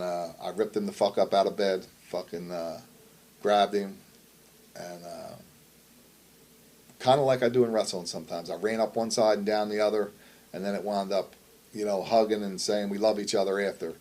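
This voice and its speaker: A middle-aged wrestler and promoter tells a story in a shoot interview, his voice on the low side and a little mellow. He is blunt, swears constantly and rambles.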